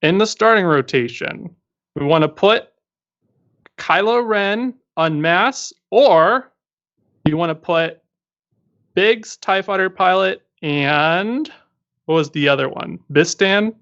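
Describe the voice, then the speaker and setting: Male co-host, slightly high voice, casual explainer, muffled lo-fi stream sound. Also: expressive, slow, pauses often, a bit bright. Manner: explanatory, self-correcting, joking. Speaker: co-host giving game roster advice. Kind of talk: casual livestream chat.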